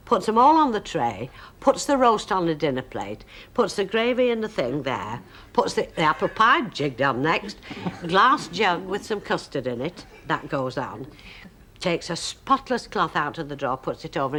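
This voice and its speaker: An older woman telling a family anecdote, acting out the voices and laughing as she goes. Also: fairly low pitch. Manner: lively, acts out voices, laughs while telling. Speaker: guest storyteller. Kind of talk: anecdote telling on a chat show.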